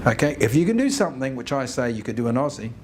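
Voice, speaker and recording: A man's voice: medium pitch, very animated, fast talker. Reflective New Zealand man, faint hiss. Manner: thoughtful, acts out both sides of conversations. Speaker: speaker on Maori values. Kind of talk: reflective talk with acted dialogue.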